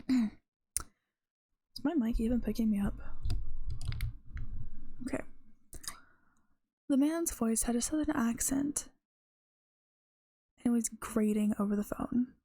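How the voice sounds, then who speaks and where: Tired gravelly woman reading her story. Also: fairly high pitch, steady tone, slow, long pauses, warm tone, no room sound. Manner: unpolished reading with self-corrections. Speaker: streamer and writer. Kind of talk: reading her own story aloud on a live stream.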